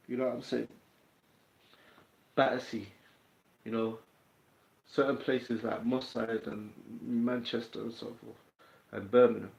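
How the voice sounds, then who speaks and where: A man's voice: mid-range voice, level tone, measured pace, vocal fry, pauses often, a little mellow. A man with a London accent hosting a casual livestream, chatting in a streetwise way and answering viewers' comments. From England. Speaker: livestream host. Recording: roomy, dull lo-fi sound.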